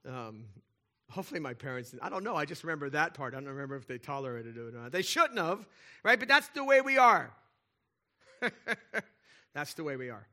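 His voice sitting high, a man delivers a sermon as pastor with animated, chatty energy, regularly checking in with his congregation and slipping in playful asides.

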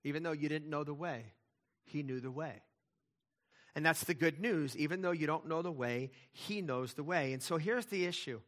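Bright-voiced man preaching with fervor. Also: a little high, normal speed. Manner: emphatic preaching with rising and falling intensity. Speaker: pastor. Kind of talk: sermon.

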